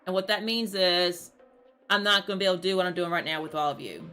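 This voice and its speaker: A woman's voice: fairly low pitch, fast, bright, forceful tone, soft background music. A woman, a streamer talking casually to her chat, rambling and repeating words, upset and close to tears. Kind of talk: casual talk to camera.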